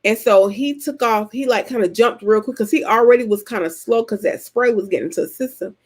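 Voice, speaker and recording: A woman from Georgia with a Southern American accent, chatting casually with her viewers and telling stories in an animated, colloquial way. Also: on the high side, a little fast. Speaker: vlogger host answering subscriber comments. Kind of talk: casual chat.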